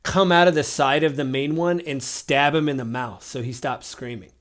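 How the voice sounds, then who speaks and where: A man's voice: mid-range voice, steady tone, normal speed, a bit bright. A man narrating a tabletop game as game master, in a loose, rambling way full of fillers.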